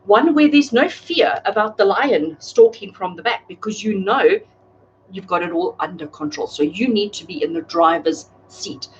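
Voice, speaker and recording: Expressive and mid-range, this tarot reader talks at normal speed on a home livestream, addressing viewers by name in a chatty way. The recording sounds dull, with a little background noise.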